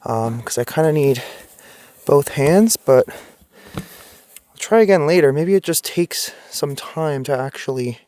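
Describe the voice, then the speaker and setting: A man's voice: on the high side, lively intonation, measured pace, pauses often, mellow, no room sound. A man exploring a wet forest at night, talking to viewers into a handheld camera. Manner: jumpy, talking to viewers while filming. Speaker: paranormal explorer vlogger. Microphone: handheld camera or phone.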